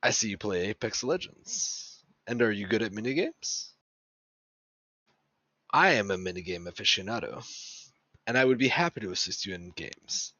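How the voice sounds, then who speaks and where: Male co-host, low voice, mock-formal, lo-fi call audio. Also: expressive, normal speed, pauses often, bright, forceful tone, no room sound. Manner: exaggerated, pompous mock-formal reading. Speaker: podcast co-host. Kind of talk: casual banter, reading a chat message aloud in a pompous voice. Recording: dry, dull lo-fi voice-chat audio.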